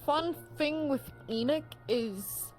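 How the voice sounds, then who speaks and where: A woman's voice: high-pitched, takes it slowly, soft background music, rough recording. A woman in casual chat, speaking in a laid-back, blunt way.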